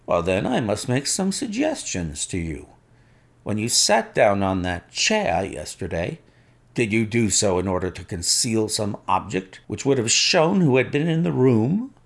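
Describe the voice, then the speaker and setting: A man's voice: lowish voice, big pitch swings, gravelly, full character voice. A man reading a suave, commanding detective. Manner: measured, suave and firm.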